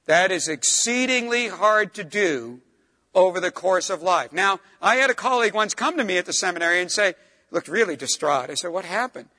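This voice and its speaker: A middle-aged man preaching a sermon, emphatic, pushing up on stressed words and dropping low and soft for asides. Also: lively intonation, moderate pace, long reverb tail.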